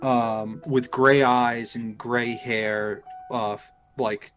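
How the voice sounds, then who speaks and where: A man's voice: mid-range voice, little pitch movement, very slow, a bit bright, soft background music. A man narrating as game master in a live tabletop game, in a loose, filler-heavy way.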